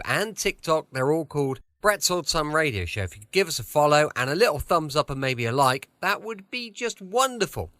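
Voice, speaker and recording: A man's voice: a little high, sharp tone, no echo, clean studio sound. A man hosting a podcast from home in a chatty, rambling way, with a slight lisp from a sore tongue. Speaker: podcast host. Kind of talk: casual podcast introduction.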